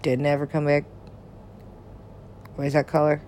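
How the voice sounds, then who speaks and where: A woman talking in rambling casual chat, laughing often, swearing freely and swinging her pitch up and down. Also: monotone, unhurried, warm tone. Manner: rambling, frequent laughter, profane asides, big swings in pitch.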